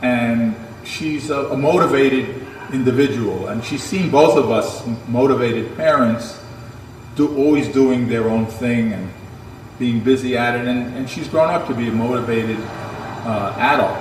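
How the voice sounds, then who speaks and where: A man who is a parent speaking proudly and in a measured way in an interview. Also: mid-range voice, a little hiss or hum. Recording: echoey hall, far from mic.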